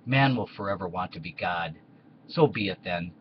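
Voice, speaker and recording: A calm, preachy Jesus, read in a man's own plain voice. The voice sits low. The recording is muffled and lo-fi with faint hiss. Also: moderate pace.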